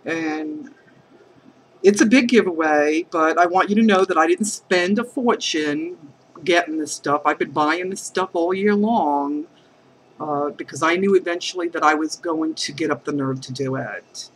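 A woman crafting vlogger talking heartfelt to camera, hesitant and halting, earnest and emotional. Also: sits low, a little hiss or hum, poor audio. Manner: emotional, affectionate.

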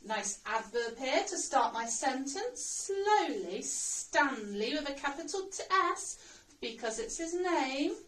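A woman's voice: high-pitched, lively intonation, a little slow, fairly bright tone. A woman teaching a recorded primary school writing lesson, sounding out words letter by letter. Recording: roomy sound, mic at a distance.

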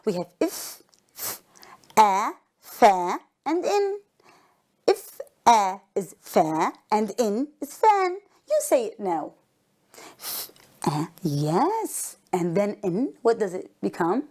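A woman's voice: medium pitch, big pitch swings, slow pace, darkish tone. A woman teacher with an Arabic accent giving a phonics lesson to children, sounding out letters one by one and praising often. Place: recorded for a broadcast school lesson.

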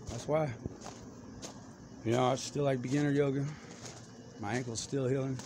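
A man's voice: medium pitch, background noise. A man talking in a loose, rambling monologue, jumping from one topic to the next. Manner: stream-of-consciousness, jumping between topics.

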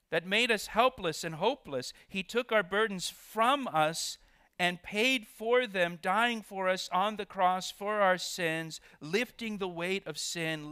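Expressive male pastor preaching a sermon. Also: high-pitched, clear, resonant tone, no echo, studio quality. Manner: expressive preaching, stresses key words loudly. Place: church.

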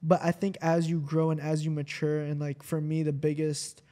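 Young man, earnest, affirming, mellow voice, flat delivery. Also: fairly high pitch, moderate pace. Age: young adult. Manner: earnest, affirming, heavy use of "like". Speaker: podcast co-host, host's son. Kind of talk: casual podcast chat.

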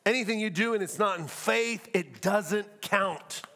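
A middle-aged pastor with a high-pitched voice preaches at an unhurried pace. He's animated, asking the crowd rhetorical questions and acting out quotes.

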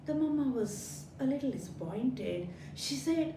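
A woman telling a story to children, animated and sing-song, asking them questions along the way. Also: high-pitched, measured pace, hardly any pauses, background noise. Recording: roomy echo.

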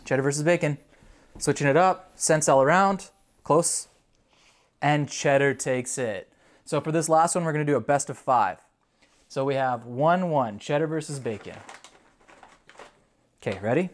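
A dog owner hosting a casual video, giving a puppy quick commands and upbeat play-by-play commentary. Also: mid-range voice.

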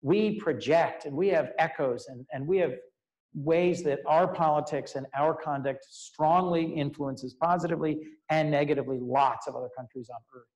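Slightly high-voiced storytelling man. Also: normal speed, rough recording. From United States. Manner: animated storyteller, casual fillers like 'like' and 'I mean'. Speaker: U.S. senator, guest speaker. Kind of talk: public talk with personal anecdote. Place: law school lecture event, indoors.

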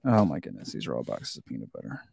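A chatty man talking casually through an unboxing, his pitch rising and falling a lot. He giggles easily and talks between bites. The sound is close and dry, with no room around it. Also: huge pitch swings, quick pace, vocal fry, a little mellow, breathy edge, no echo. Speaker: vlogger reviewing a snack.

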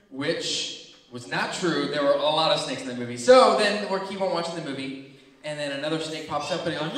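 A young man tells a childhood story to kids, acting out screams and voices. His voice is bright and a little high. He sounds distant, with long reverb from a large hall. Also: fast talker. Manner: animated, acts out screams and voices. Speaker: children's ministry speaker. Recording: echoey hall from far off.

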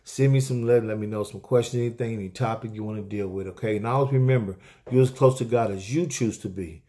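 A man's voice: fairly low pitch, fast talker, mellow. A middle-aged man hosting a weekly inspirational talk, preaching to viewers in an exhorting, repetitive way and calling out amens.

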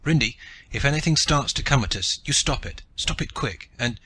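A man's voice: medium pitch, expressive, moderate pace, bright, forceful tone, a little hiss or hum, pitched above the performer's own voice. A man voicing a driven, hot-tempered father who barks urgent, clipped commands in an audiobook.

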